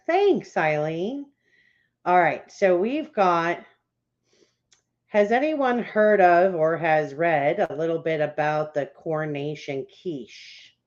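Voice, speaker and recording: Excitable woman greeting live viewers. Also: sits low. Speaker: podcast host. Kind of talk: livestream chat greeting viewers. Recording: dull lo-fi sound.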